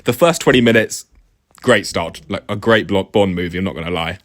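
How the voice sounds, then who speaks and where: A man's voice: deep voice, fairly quick. A young man co-hosting a film review, casual and blunt, swearing and laughing often. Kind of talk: casual chat.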